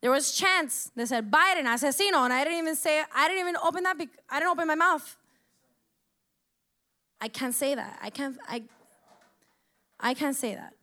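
A woman's voice: high-pitched, lively intonation, normal speed, long pauses, bright, forceful tone. A young woman from the United States giving an impassioned personal monologue, emotional and close to tears, swearing as she speaks.

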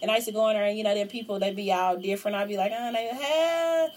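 A woman co-hosting a casual chat, telling stories with loud, lively impressions of people. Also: mid-range voice, very fast. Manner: animated storyteller, loud mimicking of cussing couples. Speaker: podcast co-host. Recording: heavy background noise.

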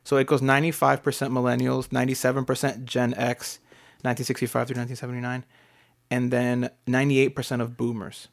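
A man co-hosting a podcast in casual chat, reading out figures and reacting excitedly, with casual swearing. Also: medium pitch, quick pace, creaky. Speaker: podcast co-host.

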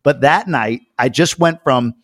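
Male host, mid pitch, dry close mic; animated storyteller, casual and a bit profane. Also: unhurried, breathy edge, dry recording. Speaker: podcast host. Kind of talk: casual interview chat, storytelling.

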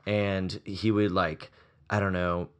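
A man's voice: low voice, little pitch movement, takes it slowly, clear, resonant tone. A man co-hosting a casual movie podcast, telling a story with many fillers.

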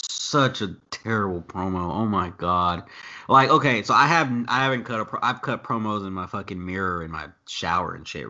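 A man co-hosting a wrestling chat over a video call, talking casually with lots of swearing and getting louder and higher when he is worked up. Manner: profane, animated, rises sharply when worked up. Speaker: wrestling podcast co-host. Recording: dull lo-fi video call audio.

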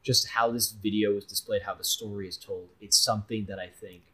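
A young man co-hosts a podcast, casually reviewing a movie in a relaxed, slightly rambling way full of fillers. His voice is on the low side with a breathy edge, he talks briskly, and the audio quality is poor.

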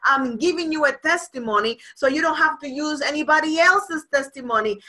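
A woman's voice: high voice, a little fast, hardly any pauses, pushed and bright. A woman preacher delivering a prophetic word in God's voice, speaking earnestly and directly to the listener and repeating key phrases.

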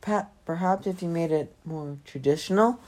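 A woman reading the part of a quiet, tactful young noblewoman in a storybook. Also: fairly low pitch, moderate pace, pitched above the performer's own voice, close to an everyday voice.

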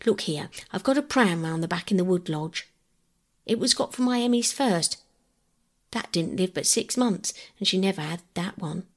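A woman reading aloud and voicing a kindly older village woman, homely and a little wistful, with a husky voice. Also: lowish voice, expressive, normal speed.

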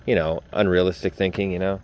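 Low-pitched male podcast host; loose, chatty, informal storyteller who talks right to his listeners. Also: flat delivery, fast talker, a little mellow, slight background noise. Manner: rambling, informal, swears, talks straight to listeners. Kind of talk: casual storytelling.

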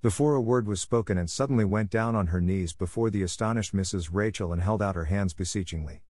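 A man narrating a classic novel as an audiobook, reading in a steady, even way. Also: fairly low pitch, quick pace. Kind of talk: scripted narration.

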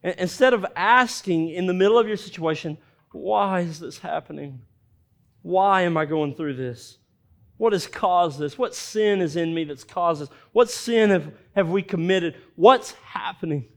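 Man, pastor, sermon, high-pitched voice, animated scripture reading. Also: measured pace, vocal fry. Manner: animated, reads scripture with dramatized voices for characters.

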